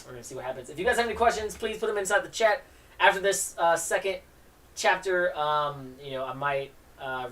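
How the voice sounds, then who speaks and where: Lady streamer rambling about comics and laughing a lot, low-ish voice, sits back from the mic. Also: a bit bright, recorded from a distance. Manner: rambling, laughs often, enthusiastic. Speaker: live stream host, comic artist. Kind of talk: casual live-stream comic reading.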